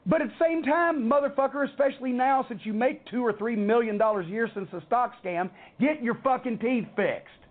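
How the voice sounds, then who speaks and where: A man's voice: very high voice, brisk, hardly any pauses. A middle-aged man, telling a heated, swearing story as host of a rant podcast. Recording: tinny phone-like audio.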